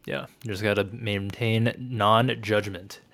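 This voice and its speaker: A young man co-hosting a casual discussion of an anime episode, rambling and animated with lots of fillers. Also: lowish voice, a little slow, vocal fry. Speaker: podcast co-host.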